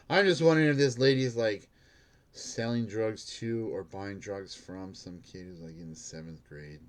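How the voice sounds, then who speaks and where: A man's voice: lowish voice, measured pace. A man who works as a bank security guard, telling a rambling story in a casual monologue, filled with "like" and laughing at himself.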